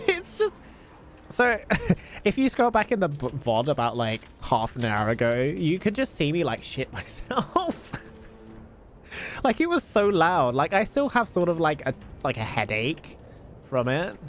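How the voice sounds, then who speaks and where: A man's voice: a little high, huge pitch swings, measured pace, slight background noise. A man streaming a game live, chatting casually with lots of fillers and laughs.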